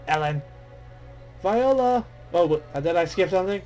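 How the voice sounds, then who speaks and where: A young man commenting casually on a game he plays, excitable and dramatic, mocking himself, with game music behind. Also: high-pitched, unhurried, muffled recording. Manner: excitable, dramatic, self-deprecating. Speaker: let's play gamer. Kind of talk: casual game commentary, reading dialogue aloud. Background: faint game music.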